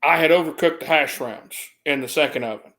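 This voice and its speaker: A man with a drawl tells a meandering story in a casual chat, his voice sitting somewhat high. He restarts his sentences often and jumps his pitch up to imitate other people. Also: a little fast, a bit bright. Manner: rambling, restarts, mimics others with a raised voice.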